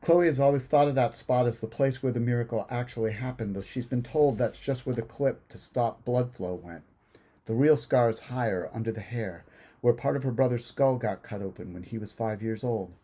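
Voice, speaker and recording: A man, the author, reading his own literary horror story aloud in a measured, hushed, unhurried way. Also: mid-range voice.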